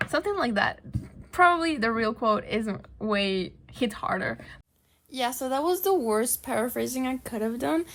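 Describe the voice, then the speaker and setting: A young woman with a slightly high voice rants casually to camera. English is not her first language, and her talk is chatty and animated, with quick laughs and asides that drop to a whisper. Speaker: vlogger.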